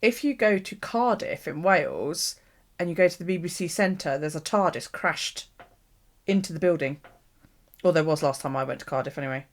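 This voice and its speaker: Chatty British woman streamer, slightly low voice, loose and unfiltered. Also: moderate pace. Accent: British English. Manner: chatty, swears casually, frequent ums and laughs. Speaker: live-stream host. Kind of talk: rambling casual chat with live viewers. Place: home craft desk.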